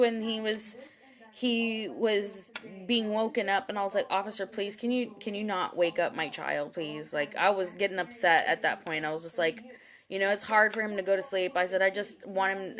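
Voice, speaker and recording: A spiritual reader in her forties hosts a livestream from home, telling a personal story that rambles and turns emotional, packed with fillers and frequent swearing. Her medium-pitched, fairly bright voice is picked up by a phone or webcam.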